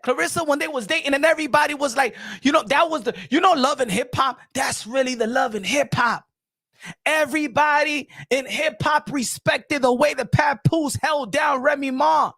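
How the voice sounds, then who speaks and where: A man runs his boxing commentary channel in a high, gravelly voice. He lectures loudly, hammers the same phrases again and again, and talks straight to the fighter he is criticizing. The recording sounds close and completely dry. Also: brisk, no echo. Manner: loud, preachy, repeats himself, addresses the subject directly. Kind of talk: emphatic boxing commentary vlog.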